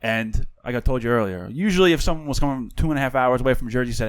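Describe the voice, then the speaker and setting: A man hosting a podcast in casual chat, talking in a quick, upbeat way. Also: mid-range voice, lively intonation, clean tone. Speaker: podcast host. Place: podcast studio.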